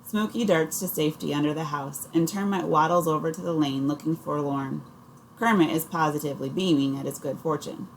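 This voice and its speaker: A woman narrates an audiobook in the first person, in a steady storytelling manner. Her voice is low and dark. A faint hiss sits under it. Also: fairly quick, poor audio. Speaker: audiobook reader.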